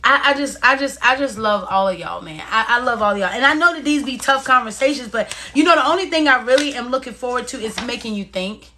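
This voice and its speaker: A woman's voice: fairly high pitch, expressive, fast, hardly any pauses. A woman hosting a motivational live stream, encouraging viewers and reading their comments in a casual, repetitive way. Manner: encouraging, talks straight to viewers, repeats phrases; casual and warm-hearted, reads out viewer comments.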